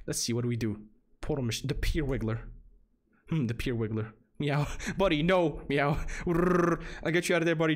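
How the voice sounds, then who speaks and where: A man streaming games, giving jokey casual commentary and reading game text aloud in an animated way. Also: mid-range voice.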